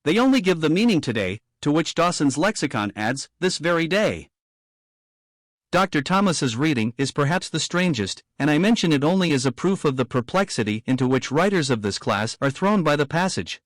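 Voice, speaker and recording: A man reading a theological book aloud in a steady, measured, formal way. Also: fairly high pitch, dry recording, studio quality. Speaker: audiobook reader.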